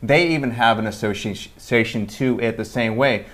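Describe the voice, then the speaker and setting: A man's voice: medium pitch, moderate pace, fairly bright tone. A man on a casual panel, speaking bluntly and emphatically with swearing.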